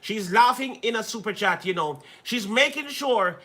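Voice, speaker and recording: A man's voice: sits high, animated, moderate pace, sharp tone. A man hosting a livestream in playful, casual chat, repeating himself and laughing often. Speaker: livestream host.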